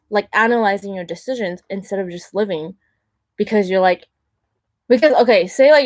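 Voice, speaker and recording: A young woman talks straight at the listener in a loose, blunt monologue, leaning on "like" and slipping into mocking voices for quoted people. Her voice sits at an ordinary middle pitch. The sound is dry and close, with no room around it. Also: no echo. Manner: chatty, blunt, full of "like" fillers, acts out quotes in mocking voices. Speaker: host. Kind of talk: casual monologue.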